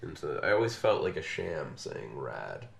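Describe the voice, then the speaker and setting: A man's voice: a bass voice, normal speed, creaky. A man hosting a podcast, chatting casually and rambling with plenty of fillers. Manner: relaxed, rambling, lots of fillers. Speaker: podcast host. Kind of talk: casual conversation.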